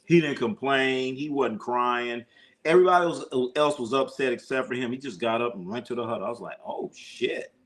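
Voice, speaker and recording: A man hosting a casual sports livestream, talking in an animated, profane way and sometimes mimicking whiny crying voices. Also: mid-range voice, brisk.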